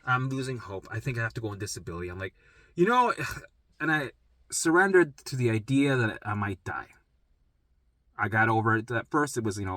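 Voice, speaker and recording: Forceful, profane man telling his story. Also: on the low side, animated, normal speed, no echo. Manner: rambling, profane, emphatic. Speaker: vlogger sharing a health journey. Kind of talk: casual personal storytelling.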